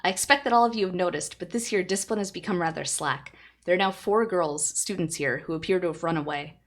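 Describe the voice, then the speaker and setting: Stern lecturing teacher read by a woman, lowish voice, formal. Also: quick pace, close to an everyday voice.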